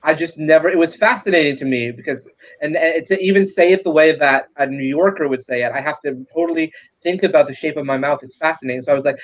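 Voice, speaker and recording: A man from upstate New York chatting casually as an actor guest, telling animated stories. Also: a little high, fast talker. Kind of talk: casual chat.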